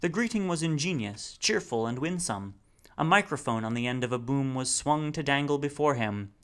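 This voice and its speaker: A man narrating a novel as an audiobook reader, with expressive, wry storytelling. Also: medium pitch, moderate pace. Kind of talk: scripted narration.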